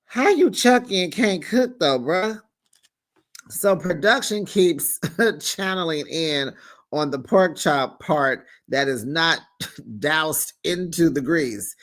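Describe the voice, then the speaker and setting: A man with a slightly high voice recaps a reality show in a loose, gossipy way. He is sassy, talks straight to his viewers with pet names, and laughs as he goes. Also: fairly bright tone. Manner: laughs often while telling the story. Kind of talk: casual gossipy recap commentary.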